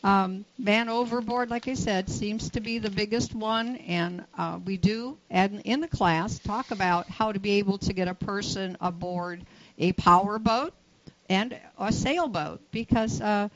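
A woman's voice: mid-range voice, a little slow, muffled recording. A woman who teaches boating safety, a guest on a radio show, giving practical advice in a plain, matter-of-fact way. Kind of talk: radio interview.

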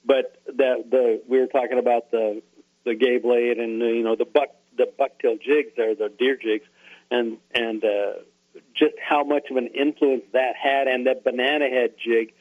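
A man co-hosts a radio chat, reminiscing with rambling, halting sentences. His voice comes through a tinny, phone-like line. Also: medium pitch, little pitch movement. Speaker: radio co-host.

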